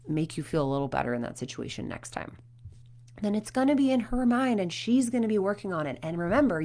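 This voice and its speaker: A woman in her thirties, a performance coach, talking to parents and telling stories with acted quotes. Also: fairly low pitch. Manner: animated storytelling with acted quotes.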